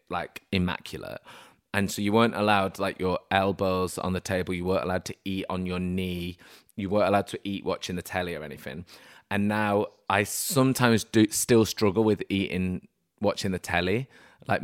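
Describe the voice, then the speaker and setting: A fairly low-voiced young man chatting as a podcast guest. He tells his stories in a loose, rambling way and acts out what everyone said. The talk is relaxed and full of asides. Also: moderate pace. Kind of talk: casual podcast chat.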